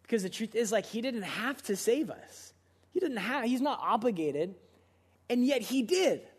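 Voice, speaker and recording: A young man preaches with a high, bright-sounding pitch. His tone is earnest and casual, full of filler words. He swings between loud urging and quiet, intense appeals. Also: animated, normal speed, breathy edge. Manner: casual, uses many filler "like"s. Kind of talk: sermon.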